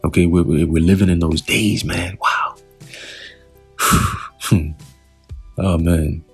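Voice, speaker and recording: A man's voice: low-pitched, steady tone, slow pace, slightly rough, faint music behind. A man teaching scripture in a loose, talkative way, often putting questions to the listener.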